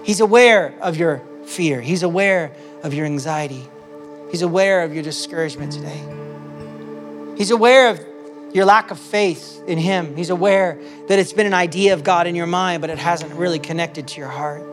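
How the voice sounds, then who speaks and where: A man preaching a sermon with passion, swinging between loud declarations and soft, hushed moments. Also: on the high side, normal speed, soft background music. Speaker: pastor.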